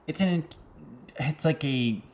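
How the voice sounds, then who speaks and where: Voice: medium pitch, takes it slowly, darkish tone. A podcast co-host in casual chat, rambling and searching for words with lots of fillers.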